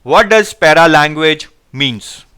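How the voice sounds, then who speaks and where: A high-voiced man teaches a live online class. His tone is bright and clean, close to the mic. He keeps calling on viewers to answer and reads their replies out. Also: slow, smooth. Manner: energetic, coaxing viewers to answer. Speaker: online exam-prep teacher.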